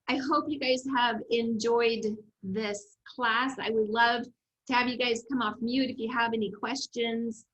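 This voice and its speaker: A woman development coach giving an upbeat, animated presentation on a video call, telling stories to her class. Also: on the high side, low-quality recording.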